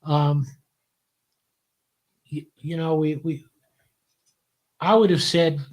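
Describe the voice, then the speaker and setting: An older man, a guest in a casual interview, telling relaxed, wry stories and often restarting his phrases. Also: on the high side, slow pace. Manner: relaxed anecdotal storyteller, wry and cynical, repeats words as he restarts.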